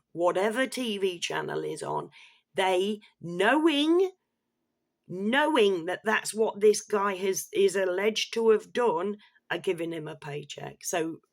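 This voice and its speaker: A woman vlogger ranting on camera in an angry, blunt, sweary way, with bursts of laughter and apologies for getting worked up. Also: medium pitch. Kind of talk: ranting commentary vlog.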